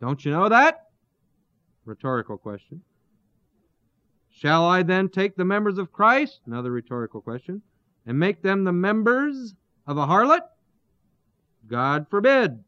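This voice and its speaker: A man teaching through a Bible passage verse by verse, pausing to explain terms and asking his listeners rhetorical questions. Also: high voice, very animated, pushed and bright, dry recording. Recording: dull, lo-fi dry recording.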